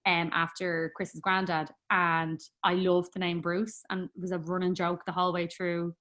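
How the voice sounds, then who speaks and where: Woman guest, fairly low pitch, rambling personal story, easy laughs. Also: little pitch movement, normal speed, a bit bright. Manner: chatty, rambling, many fillers, laughs often.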